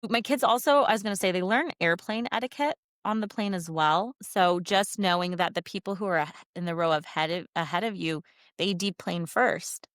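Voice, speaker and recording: A woman, a company founder chatting as a guest and telling lively travel anecdotes with frequent laughs. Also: on the low side, moderate pace, no room sound, clean studio sound. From United States. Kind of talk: casual interview chat.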